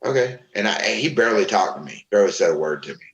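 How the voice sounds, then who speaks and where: A man's voice: fairly low pitch, very fast, roomy sound, lo-fi sound. A middle-aged man from Florida, a former wrestler, telling profane stories in a casual interview and acting out what others said. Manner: profane, animated storytelling with voiced quotes. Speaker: guest, former pro wrestler.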